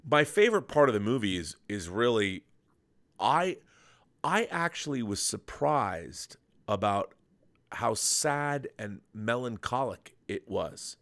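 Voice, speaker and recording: A man's voice: mid-range voice, big pitch swings, slow pace, fairly bright tone. A middle-aged man hosting a podcast, chatting casually and enthusiastically about films, rambling with restarts. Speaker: podcast host. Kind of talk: casual film chat.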